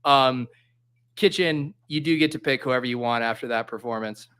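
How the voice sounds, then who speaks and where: A man hosting a casual livestream chat, excitable and laughing often. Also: mid-range voice, moderate pace, clean tone. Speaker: host.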